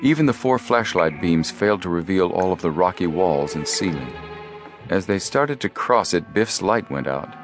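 A man reading an adventure story aloud as an audiobook narrator. His very deep voice keeps a measured, steady pace through the scenes. Soft music plays faintly behind. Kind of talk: scripted narration.

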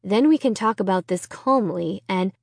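A stern mother, as a woman reader voices her, speaks in a tight, clipped voice and holds back her anger. Her lines land low and controlled against the dry, close sound. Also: moderate pace, creaky, darkish tone, dry recording.

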